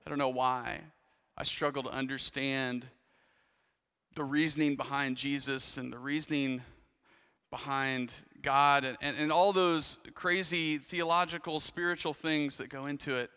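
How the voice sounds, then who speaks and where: A man's voice: mid-range voice, fairly even intonation, unhurried, bright, forceful tone, smooth, long reverb tail. A man preaching a sermon in a church, telling a story in a conversational way with frequent restarts and asides. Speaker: pastor.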